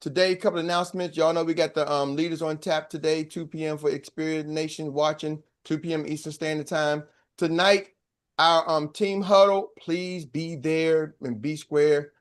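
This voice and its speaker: A man hosting a live morning sales call as coach, energetic and joking, talking loosely into a real microphone on a video call. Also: fairly high pitch, fairly quick, clear, resonant tone. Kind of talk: casual hype talk on a live video call.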